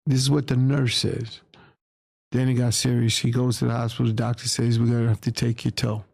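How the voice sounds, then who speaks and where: A man's voice: mid-range voice, little pitch movement, fairly quick, vocal fry, darkish tone, dry recording, studio quality. A man from New York, a guest in an interview, telling a story in a candid, plain-spoken way and acting out what others said. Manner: candid, plain-spoken, acts out quoted voices. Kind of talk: casual storytelling.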